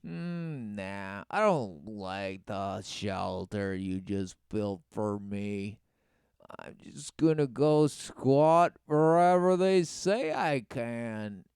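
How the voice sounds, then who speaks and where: A man mimicking a mumbling drifter with a low, quiet drawl. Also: animated, clear, resonant tone, dry recording, clean studio sound, heavily acted. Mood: lazy drawl. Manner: slow, mumbling, repeats "brother". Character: mellow, drawling male drifter, mocked.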